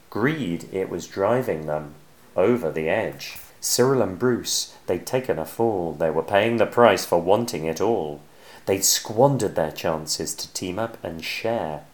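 Low, lively man reading a storybook. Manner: expressive, sing-song. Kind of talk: reading a rhyming picture book aloud.

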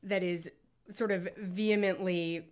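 A woman co-hosting a casual political chat, blunt and quick to swear. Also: on the low side, fairly even intonation, darkish tone, clear, resonant tone. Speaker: podcast co-host.

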